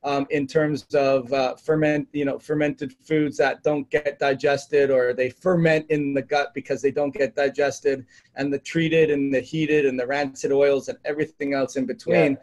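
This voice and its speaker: A man's voice: medium pitch, little pitch movement, moderate pace, hardly any pauses, darkish tone. A man hosting an interview, asking long rambling questions with many fillers. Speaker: chiropractor host. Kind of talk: interview host chat.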